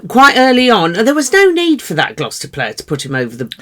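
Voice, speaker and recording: A woman's voice: fairly high pitch, huge pitch swings, fast, sharp tone. A woman, co-hosting a podcast with dry, witty banter. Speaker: podcast co-host. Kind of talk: casual chat.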